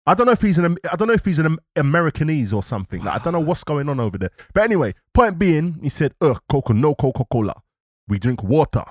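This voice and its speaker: A man's voice: on the high side, rapid-fire, hardly any pauses, no room sound. A man, co-hosting a live-streamed podcast in casual, rambling chat full of slang. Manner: animated, rambling, London slang. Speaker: podcast co-host. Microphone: podcast microphone.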